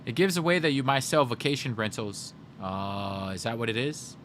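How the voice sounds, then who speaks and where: A man's voice: medium pitch, normal speed, noisy background. A male game streamer in casual livestream chat, joking and chatty as he reads chat aloud.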